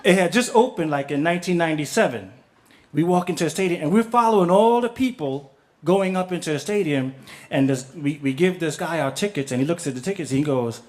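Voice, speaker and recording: A man's voice: on the high side, brisk, darkish tone, a faint crowd. A middle-aged man telling a story on stage, casual and profane, acting out the people he quotes.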